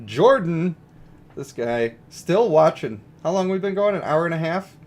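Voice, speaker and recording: A man's voice: on the high side, animated, unhurried. A man giving casual, joking livestream commentary on a mobile game and greeting viewers. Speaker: gaming streamer.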